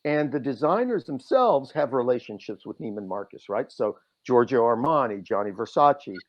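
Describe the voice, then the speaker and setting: A man telling stories as a podcast guest, animated and lively, throwing his voice up high when he acts out what people said. The sound is a little dull and lo-fi. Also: moderate pace. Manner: animated, acts out quotes with big swings in pitch. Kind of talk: casual storytelling.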